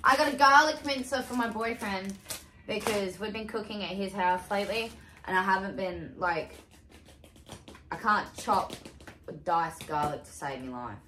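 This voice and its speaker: A young woman in her twenties chatting casually through a haul unboxing, excitable, exclaiming and swearing freely. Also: medium pitch, normal speed. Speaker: vlogger. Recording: echoey room with faint hiss.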